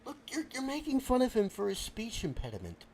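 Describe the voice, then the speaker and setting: Male performer as an exasperated go-between who explains and placates, with a fairly high, lively voice. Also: fairly quick, exaggerated voice. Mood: explaining. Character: exasperated adult male bystander who tries to mediate. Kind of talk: comedic character sketch.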